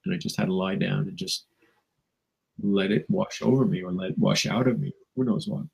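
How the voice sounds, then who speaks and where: A man talks through spiritual ideas in a slow, musing way, with chuckles and playful asides. His voice is gravelly and rough, with a breathy, husky edge. He sounds like a guest teacher on a talk show. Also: low-pitched, a little mellow, rough recording.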